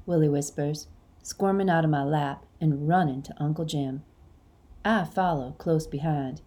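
Woman narrator, gentle storybook reading, hushed in places, lowish voice. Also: a little slow. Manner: gentle, dialect-inflected storytelling with quiet hushed passages. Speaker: audiobook narrator. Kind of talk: scripted storybook narration in first person.

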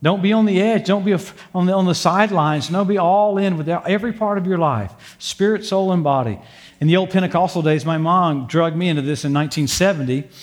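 Older guy preaching in a church, folksy and jokey, fairly high voice, lots of praise god and amen. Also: fairly quick. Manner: folksy, humorous storytelling with frequent praise interjections. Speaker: pastor. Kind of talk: sermon with prayer. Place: church sanctuary before a congregation.

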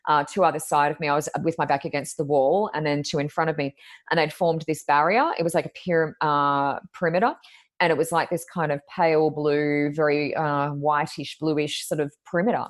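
A woman's voice: low-pitched, fairly even intonation, brisk. A woman, a medium guesting on a podcast, telling stories in a chatty, rambling way full of ums and likes. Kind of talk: conversational storytelling.

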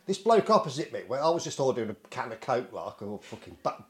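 A middle-aged Englishman tells a casual anecdote, talking fast with big pitch swings at a medium pitch. He swears constantly and acts out the people in his story.

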